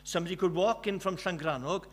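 A man's voice: sits high, fast. A man with a Welsh accent, from West Wales, preaching a sermon in an earnest, emphatic way, repeating key phrases. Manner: earnest, emphatic with many repetitions.

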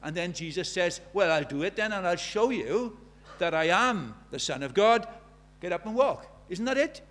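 Man, preacher, high voice, rhetorical questions, emphatic sermon. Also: expressive, normal speed, fairly bright tone.

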